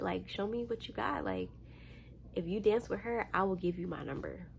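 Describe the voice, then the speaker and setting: A young adult vlogger from Florida with a fairly low, gravelly voice tells a personal story in casual storytime style, talking fairly quickly. She's animated, slangy, chatty, and a little tired, with a bit of hiss or hum on the recording.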